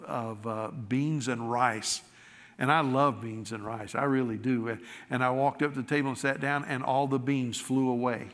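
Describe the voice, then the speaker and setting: A pastor telling a folksy, self-deprecating story in a sermon, acting out the dialogue of the people in it. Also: male voice, mid-range voice, a bit bright, big-room sound.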